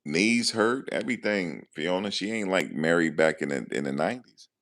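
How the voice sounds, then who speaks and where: This livestream host has a low, fairly bright voice with lively intonation at normal speed. His manner is loose and joking as he chats casually and responds to viewers in chat.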